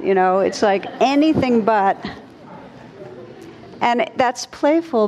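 A woman meditation teacher giving a dharma talk in a slow, gentle, reflective manner. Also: medium pitch, in a large hall, slight background noise.

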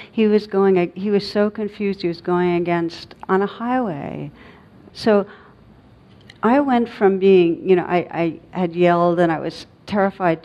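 A middle-aged woman, a meditation teacher, giving a dharma talk in a reflective, halting way with many pauses and fillers. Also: mid-range voice. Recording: dull lo-fi recording.

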